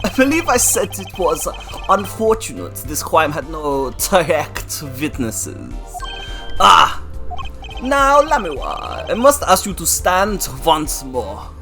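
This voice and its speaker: A woman voicing a smooth, teasing young male prosecutor in a fan game dub. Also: deep voice, huge pitch swings, slow, music in the background, heavily acted. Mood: suave.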